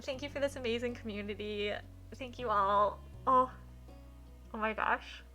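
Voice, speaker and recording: A woman's voice: on the high side, moderate pace, sharp tone, soft background music. A young woman streaming a game live, gushing with thanks to her chat and talking in a chatty way full of fillers. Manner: gushing, emotional, many thank-yous.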